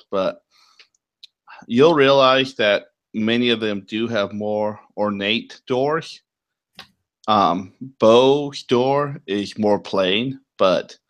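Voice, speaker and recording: A man narrating as game master of a tabletop role-playing game, explaining at length with many pauses and fillers. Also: lowish voice, a bit bright. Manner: unhurried, filler-heavy explaining.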